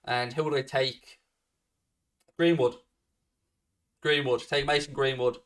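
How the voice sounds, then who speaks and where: Male host, mid pitch, blunt sweary chat answering questions, recorded a little off-mic. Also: fairly even intonation, slow, a bit bright, distant mic. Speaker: fan channel host. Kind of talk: casual live Q&A chat.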